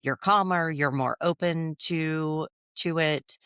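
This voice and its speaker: A woman's voice: deep voice, slow pace, fairly bright tone, clean tone, no echo, clean studio sound. A woman co-hosting a podcast in casual chat, reflective and thinking aloud, often restarting her sentences. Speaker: podcast co-host.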